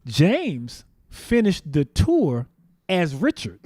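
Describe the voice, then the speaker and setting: A man from the Bay Area, a guest drummer, telling animated anecdotes and mimicking the people he quotes. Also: on the high side, drawn-out words. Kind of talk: casual interview storytelling.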